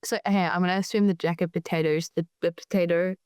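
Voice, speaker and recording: A woman's voice: fairly low pitch, fairly even intonation, fast talker, a little mellow, smooth, dry recording, studio quality. An Australian woman joking around as a guest on a podcast, full of teasing asides. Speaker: guest wrestler. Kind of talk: playful podcast banter.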